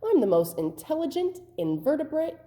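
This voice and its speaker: A woman's voice: sits high, big pitch swings, normal speed, dark tone, pitched above the performer's own voice. A woman voicing a clever, boastful giant octopus who proudly brags about being smart, in a playful show-off manner, in a very echoey room far from the mic.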